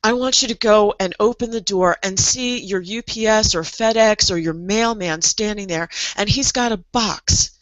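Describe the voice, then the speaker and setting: A woman's voice: medium pitch, moderate pace, no room sound, rough recording. A middle-aged woman coaching aspiring writers in a motivational online presentation, speaking earnestly and leading guided imagery with repeated phrases. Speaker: creative coach.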